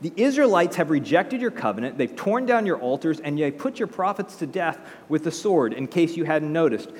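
A man's voice: medium pitch, animated, a little fast, big-room sound, lightly acted. A man voicing a complaining, self-pitying male prophet who lectures in an indignant, exasperated way.

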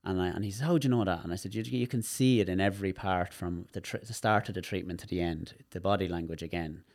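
Low-voiced Irish man explaining animatedly. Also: quick pace, no echo. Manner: animated, demonstrative, repeats words while explaining. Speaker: therapist, guest. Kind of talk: casual interview chat.

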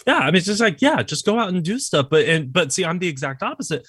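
Animated, chatty man with a dry sound. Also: high voice, fast, slightly rough, dry recording. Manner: animated storyteller, acts out quoted friends. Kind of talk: casual chat.

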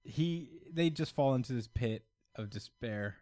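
A man's voice: mid-range voice, animated, a little slow, a little mellow, no room sound. A man hosting a podcast, recapping a comic in a loose, laughing manner and swearing freely. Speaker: podcast host. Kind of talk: casual comic-book recap chat.

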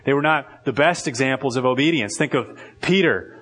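A man preaching a sermon as pastor, in a loose conversational way full of "like" and quick restarts. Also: medium pitch, fairly bright tone.

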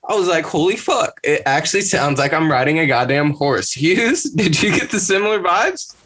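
Animated swearing male podcast host. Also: on the high side, normal speed, slightly rough. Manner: animated, swears freely, laughs often. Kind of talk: casual music podcast chat.

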